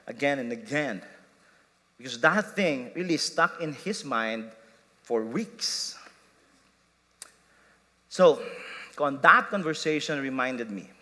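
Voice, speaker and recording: A man's voice: medium pitch, bright, forceful tone. A man preaching a sermon, telling a family story and laughing at himself as he quotes his sons and wife. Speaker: pastor. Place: church sanctuary. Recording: long church hall reverb.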